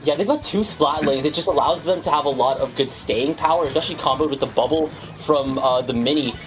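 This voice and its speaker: A man casting an online video game tournament, calling the action play by play with a wry, energetic delivery. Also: fairly high pitch, a little fast, music in the background, poor audio. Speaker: play-by-play caster. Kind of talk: esports commentary.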